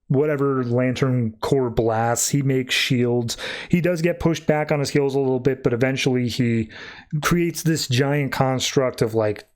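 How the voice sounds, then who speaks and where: A man hosting a podcast, loosely retelling a comic plot with plenty of fillers. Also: mid-range voice. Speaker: podcast host. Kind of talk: casual comic recap.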